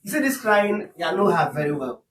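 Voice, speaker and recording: A man's voice: high-pitched, sing-song, brisk, crowd noise. A man, a husband in a dispute, insistent and laughing, repeating himself. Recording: roomy, distant, noisy background.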